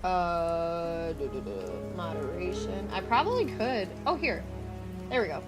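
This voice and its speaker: A woman's voice: lowish voice, big pitch swings, measured pace, over loud music. A woman streaming live, chatting casually and answering her chat with frank, profane talk.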